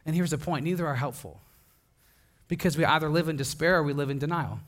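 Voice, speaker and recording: A young pastor from Wisconsin with a voice on the high side talks fast through a casual, story-driven sermon. He is animated and laughing, playing the parts of the people in his stories by doing their voices.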